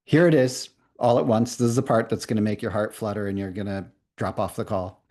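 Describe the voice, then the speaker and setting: A man leading a live online coaching workshop, talking casually and playfully, then reading a definition slowly for note-taking. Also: on the low side, fairly even intonation, darkish tone. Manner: conversational, playful, reads slowly for dictation. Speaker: coaching trainer.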